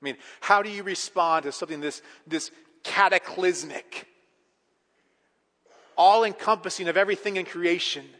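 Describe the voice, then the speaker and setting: A male pastor preaching a sermon, swinging from hushed reflection to emphatic, rising delivery. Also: high voice, normal speed, pauses often. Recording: long hall reverb.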